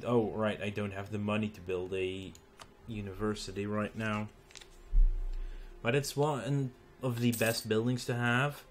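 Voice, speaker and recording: A tired man thinking aloud as he plays a strategy game late at night, halting with ums and restarts. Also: on the low side, a little hiss or hum. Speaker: gaming channel host. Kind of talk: let's play commentary.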